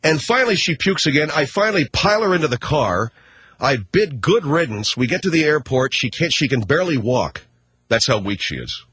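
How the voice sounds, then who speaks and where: Husky, animated male radio storyteller. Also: a little high, fairly quick, dry recording. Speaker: radio host. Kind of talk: storytelling monologue.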